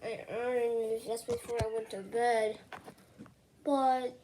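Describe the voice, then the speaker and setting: A young performer voicing an easygoing cartoon plumber hero who turns loud and boastful in fights. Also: mid-range voice, level tone, slow, a little hiss or hum. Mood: sleepy. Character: brave cartoon plumber hero, sleepy then bold.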